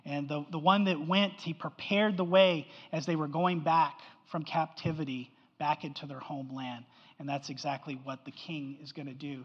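Pastor preaching in a reverberant hall. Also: male voice, a little high, fairly even intonation, moderate pace, slightly rough, highs cut off. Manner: conversational preaching, keeps asking "right?". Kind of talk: sermon.

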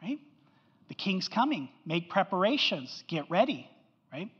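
A male pastor preaches a conversational sermon, tossing in quick tag questions to the room. His voice carries a long reverb tail, like a big sanctuary, and the recording sounds dull and muffled. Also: sits high, big pitch swings, fairly bright tone, husky. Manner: conversational preaching, keeps asking "right?".

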